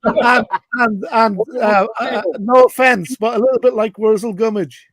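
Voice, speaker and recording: A man's voice: very high-pitched, fairly even intonation, a little slow, a crowd in the background. A man dropping in as a panel guest, speaking politely and hesitantly with stumbles. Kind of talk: casual chat.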